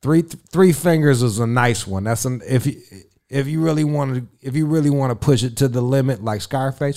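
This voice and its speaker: A young man in casual chat, telling crude, boastful stories with loud bursts. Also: medium pitch, brisk. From Italian heritage.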